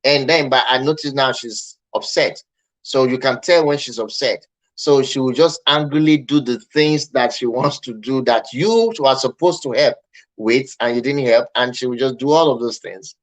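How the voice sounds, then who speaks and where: A man's voice: medium pitch, moderate pace, low-quality recording. A man vlogging marriage advice in casual personal storytelling, earnest and reflective, talking straight to the viewer.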